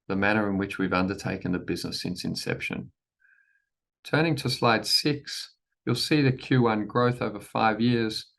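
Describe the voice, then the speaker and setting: A man leading a formal presentation to shareholders, measured and deliberate, repeating key phrases and often restarting sentences. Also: on the low side, vocal fry. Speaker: company chief executive presenting to shareholders.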